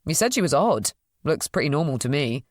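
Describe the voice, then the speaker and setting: A woman voicing Luke, a friendly, easygoing young doctor who is curious and polite and talks gently. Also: a little high, sing-song, a little fast, dry recording, clean studio sound.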